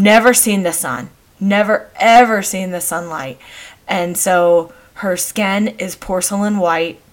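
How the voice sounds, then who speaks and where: A middle-aged woman hosting a podcast, telling family stories in a chatty, meandering way with frequent pauses and restarts. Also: medium pitch. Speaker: podcast host. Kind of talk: casual storytelling monologue.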